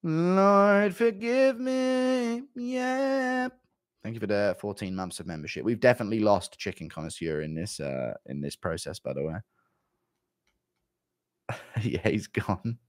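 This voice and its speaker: A man's voice: sits low, moderate pace, long pauses, no room sound, studio quality. A young man livestreaming and reading out paid chat messages, laughing, swearing and acting mock-exasperated.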